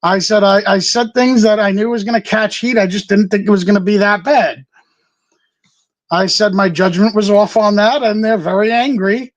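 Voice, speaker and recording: A man with a notably high speaking voice talks as a guest on an interview show. He rambles loosely through his stories and laughs often. He voices the other people in each scene as he goes. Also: normal speed, no room sound, rough recording. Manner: animated storyteller acting out what others said. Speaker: guest, pro wrestler. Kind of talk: casual interview storytelling.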